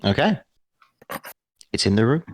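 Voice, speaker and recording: A man running a tabletop game as game master, narrating slowly and deliberately. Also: mid-range voice, very animated.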